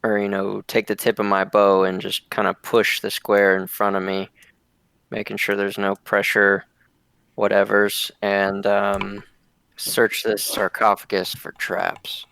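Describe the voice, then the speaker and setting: A man's voice: on the low side, completely flat delivery, measured pace, gravelly, a bit bright, clean tone. A man playing an online tabletop game, carefully describing his character's actions in first person, with fillers. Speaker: player.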